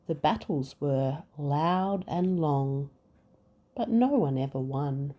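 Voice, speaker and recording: A woman, a mother reading a picture book aloud to her children, expressive and acting out the sound effects. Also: sits low, takes it slowly, muffled recording. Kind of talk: bedtime story reading.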